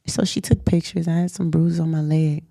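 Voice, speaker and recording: A young adult woman hosting a show, telling a personal story in a candid interview, animated and emphatic, laughing often. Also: low-pitched, a little fast, vocal fry, dry recording, studio quality. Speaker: host.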